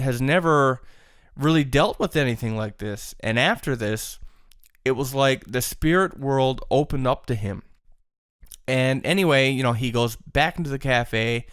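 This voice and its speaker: A man's voice: mid-range voice, a bit bright, clear, resonant tone, no room sound, clean studio sound. A man casually retelling a friend's strange encounter, with frequent fillers. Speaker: storyteller. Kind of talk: retelling a secondhand story.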